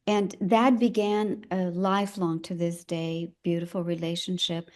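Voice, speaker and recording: An older woman, an elder midwife, telling her own story in a conversation, reflective and halting as she searches for her words. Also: lowish voice, level tone, darkish tone.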